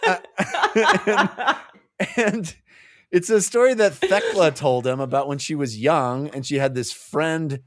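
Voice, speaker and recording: A man co-hosting a relaxed book club talk, retelling chapters with bursts of laughter and quick put-on quotes. His voice swings widely in pitch. The sound is dry, with no room around it. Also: dry recording. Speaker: podcast co-host. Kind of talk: casual book club chat.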